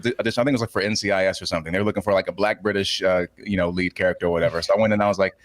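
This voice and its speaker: A man's voice: deep voice, steady tone, very fast. A man, a former actor, guesting on a casual panel chat and ranting as he tells a story.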